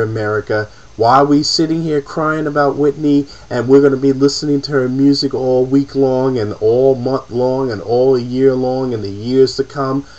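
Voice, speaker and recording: An emotional man delivers a profane, repetitive rant straight to camera in an ordinary mid-pitched voice. The audio is dull and lo-fi, like a cheap webcam mic. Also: darkish tone. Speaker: vlogger. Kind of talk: impassioned personal rant to camera.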